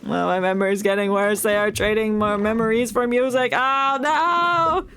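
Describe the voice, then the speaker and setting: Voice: mid-range voice, little pitch movement, fairly quick, slight background noise. A streamer who reads a game's story aloud and breaks in with playful, joking reactions and frequent laughter. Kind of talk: reading game story aloud with live reactions.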